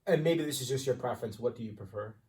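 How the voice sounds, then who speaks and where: A man's voice: medium pitch, a little mellow, far from the mic. A man co-hosting a podcast, telling bar stories in casual chat, swearing freely and laughing often. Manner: swearing, storytelling, quick to laugh. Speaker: podcast co-host.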